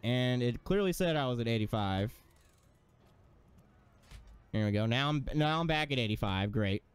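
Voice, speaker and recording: A man's voice: mid-range voice, lively intonation, normal speed, smooth. Exasperated, sweary male gamer. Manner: exasperated, swears a lot, rants at the game. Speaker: gaming streamer. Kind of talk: frustrated gameplay commentary.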